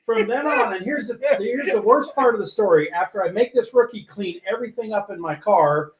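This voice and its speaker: An older man, a retired police sergeant, hosting a podcast and telling an animated, profane story that acts out what people said. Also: high-pitched, a little fast, reverberant, muffled recording. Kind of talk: casual storytelling.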